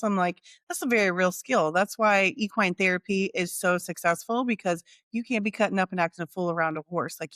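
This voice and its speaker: A woman's voice: on the low side, a bit bright, no room sound. A woman co-hosting a podcast in casual chat, blunt and wry, swearing casually. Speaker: podcast co-host.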